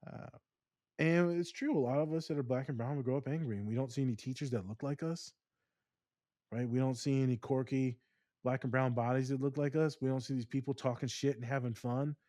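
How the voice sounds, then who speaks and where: Animated man ranting on a podcast. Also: medium pitch, brisk, no room sound, clean studio sound. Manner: animated storytelling rants. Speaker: podcast co-host. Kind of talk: casual podcast chat.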